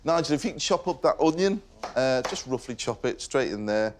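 In a kitchen, a Merseyside man hosting a cooking show walks through a recipe with casual enthusiasm, full of praise for the food. His mid-range voice is expressive and brisk, over slight background noise.

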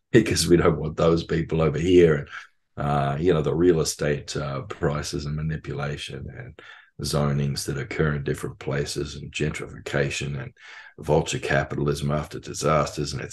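A man with a very low, rumbling voice talking casually as a podcast guest. He rambles through his points with lots of "you know" and "uh" and laughs often mid-sentence. His tone is loose and teasing. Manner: rambling, trails off with fillers. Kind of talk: casual conversation.

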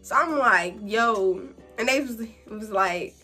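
While applying her makeup, a young woman vlogging about beauty spins a casual, slangy tale with lots of animation, putting on a higher voice for quoted lines. Soft, slow music runs underneath.

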